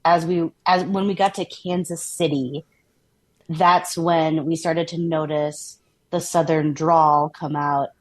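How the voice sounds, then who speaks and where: A woman from Minnesota, USA, with a Minnesotan accent co-hosts a podcast in a low-pitched voice, with fairly even intonation and a slow pace. Her chat is casual and upbeat, with frequent laughter and lots of "like" fillers.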